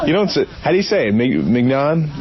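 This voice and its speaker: A man's voice: on the high side, sing-song, racing, very noisy. Stammering, self-deprecating man on the radio. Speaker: departing radio staffer. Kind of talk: confessional radio chat. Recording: dry lo-fi radio broadcast.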